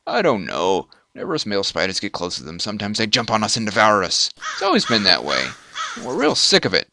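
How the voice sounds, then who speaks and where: A man's voice: lowish voice, huge pitch swings, fast talker, gravelly, bright, forceful tone, heavily acted. A man voicing a sullen, maimed male giant spider in a game, grumbling and sulky.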